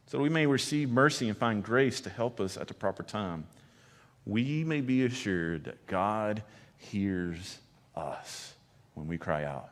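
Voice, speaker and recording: Pastor guy preaching in a church, gets loud then drops real quiet, echoey hall. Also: very animated, measured pace. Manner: swings between loud emphasis and hushed low lines. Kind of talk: sermon. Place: church sanctuary.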